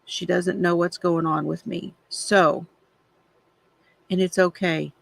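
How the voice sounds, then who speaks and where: A woman's voice: on the low side, steady tone, slow pace, creaky, pauses often. A middle-aged woman hosting a craft livestream, chatting casually and confidingly while she colors, with frequent sighs. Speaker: craft channel host.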